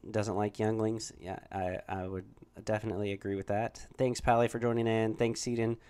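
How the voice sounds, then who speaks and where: A man's voice: lowish voice, level tone, brisk, darkish tone, clean tone. A man hosting a casual livestream chat, easygoing and rambling. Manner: easygoing, rambling with many fillers and restarts. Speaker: host.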